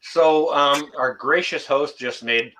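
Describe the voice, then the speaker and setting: A man's voice: fairly high pitch, takes it slowly, sharp tone, poor audio. A man in casual livestream chat, teasing and assertive with the others. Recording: faint background noise.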